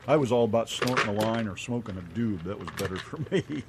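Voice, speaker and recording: A man's voice: lowish voice, expressive, brisk, very noisy. A middle-aged American man co-hosting a radio show, telling rambling stories and swearing casually. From United States.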